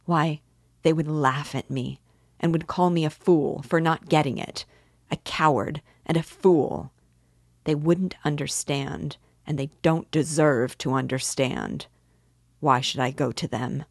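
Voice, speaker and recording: Brief: defiant young male killer in a storybook reading, voiced by a woman reader, low and unhurried. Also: creaky, no room sound, clean studio sound, full character voice. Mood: bitter. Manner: anguished, bitter pleading. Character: tormented young male murderer, bitter and defiant.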